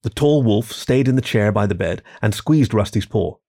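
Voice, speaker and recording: Gravelly male storyteller, dry close sound. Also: fairly low pitch, lively intonation, normal speed, dark tone, no echo. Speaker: story reader. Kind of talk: scripted narration.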